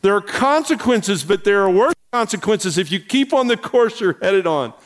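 High-voiced folksy preacher in a reverberant hall. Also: male voice, moderate pace. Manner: folksy, animated storyteller who gets louder and higher when excited. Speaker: pastor. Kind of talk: sermon with storytelling.

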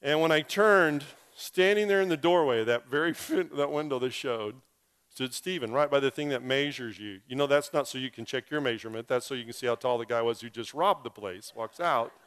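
A male pastor delivers a sermon as a personal story, dropping in wry, self-deprecating asides. His voice is smooth and resonant at an ordinary pitch. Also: brisk, a bit bright.

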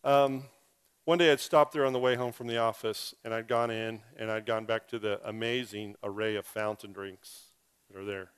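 A man's voice: on the low side, fairly even intonation, normal speed, clear, resonant tone. Resonant-voiced male pastor telling a story. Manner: humorous, self-deprecating asides. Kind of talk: sermon storytelling.

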